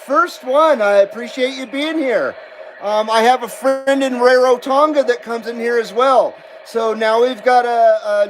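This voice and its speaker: A man's voice: very high voice, poor audio. Laid-back man hosting a radio stream. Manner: laid-back, chatty, drawn-out words, mild swearing. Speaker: CB radio livestream host. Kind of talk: casual livestream chat reading out viewer comments. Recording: steady background noise.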